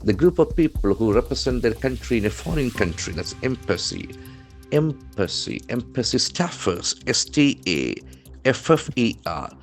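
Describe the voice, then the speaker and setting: A very animated man with a mid-range voice and an Indian English accent gives an English vocabulary lesson based on the news, moving at a moderate pace. Soft music plays underneath as the trainer spells words letter by letter and hammers each one with heavy stress when repeating it.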